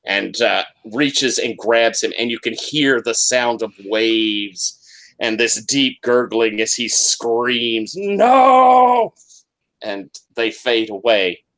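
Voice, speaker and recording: Slow halting gm guy narrating a tabletop game, lots of uh's. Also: on the low side, fairly even intonation, pushed and bright. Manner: halting, with many fillers and restarts. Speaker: game master.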